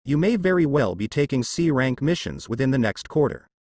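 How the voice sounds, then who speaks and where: A man voicing a calm, authoritative old male village leader who speaks formally. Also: mid-range voice, a little fast, no echo.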